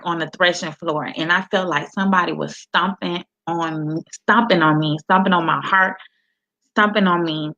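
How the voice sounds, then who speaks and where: A middle-aged woman from Miami speaks slowly and deliberately on a livestream, her voice sitting a little low. She talks like a preacher, quoting scripture and calling out to viewers by name. The sound is a bit dull and muffled. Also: a bit bright. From Miami, Florida. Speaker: motivational speaker and author. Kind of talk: live-streamed inspirational talk.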